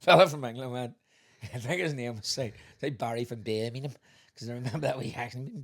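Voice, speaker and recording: A man's voice: medium pitch, fairly quick. A man, co-hosting a podcast and telling funny stories in a casual chat. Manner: animated storyteller, bursts of laughter. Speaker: podcast co-host.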